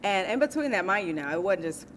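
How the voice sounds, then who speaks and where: A woman's voice: medium pitch, quick pace, a little hiss or hum. A middle-aged woman from Atlanta, a guest on a talk show, telling stories with frequent laughter. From Atlanta, USA. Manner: animated storytelling, laughs often. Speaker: guest, TV and radio personality. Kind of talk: casual interview chat.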